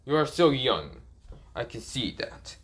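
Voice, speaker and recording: A man's voice: medium pitch, sing-song, measured pace, a bit bright. A man doing a proud wise summoned lion. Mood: calm.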